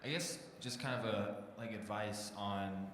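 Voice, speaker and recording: A man's voice: fairly low pitch, unhurried, a bit bright. Hesitant young man in an echoey hall. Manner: hesitant, lots of "like" and fillers. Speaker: medical student asking a question. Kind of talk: question from the audience. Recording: echoey hall with faint noise, off mic.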